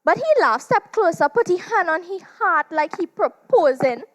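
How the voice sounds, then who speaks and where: A woman with a Trinidadian accent performing a theatrical monologue as a seductive demon woman with a cloven hoof. She draws her words out slowly and teasingly, and her loudness rises and falls sharply. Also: very high voice, expressive. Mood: sly, teasing. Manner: teasing, slow and drawn out, big swings in loudness. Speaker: stage performer in a dramatized literature competition.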